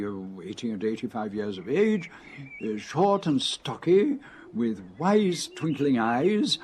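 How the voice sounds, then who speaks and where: A man's voice: medium pitch, a little mellow, husky, full character voice. An actor playing a courteous, forgetful man in his eighties in a radio comedy, talking hesitantly and genteelly. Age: 80s. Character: forgetful elderly man, 80s, mild and courteous.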